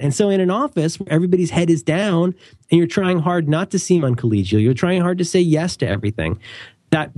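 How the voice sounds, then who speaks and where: Co-hosting a podcast of casual conversational chat, this young adult man rambles, frequently corrects himself and slips in wry comments. His voice is fairly high with a darkish tone, captured at studio quality without echo.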